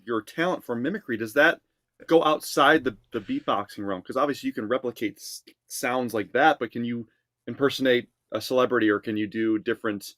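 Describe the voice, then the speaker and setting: A man's voice: mid-range voice, fairly quick, fairly bright tone, no echo, studio quality. Enthusiastic male co-host. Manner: enthusiastic, asks questions. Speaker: co-host, songwriter. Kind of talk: casual reaction chat.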